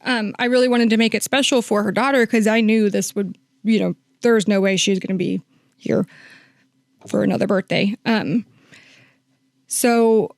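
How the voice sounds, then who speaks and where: A woman's voice: medium pitch, dry recording. A woman working as a hospice nurse, telling a long story in a podcast interview, with many fillers and quoted lines acted out.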